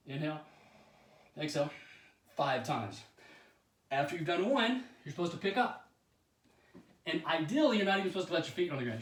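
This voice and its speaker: A man chatting casually while demonstrating yoga poses, out of breath and often clearing his throat, self-deprecating about his flexibility. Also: fairly high pitch. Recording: echoey room, voice from a distance.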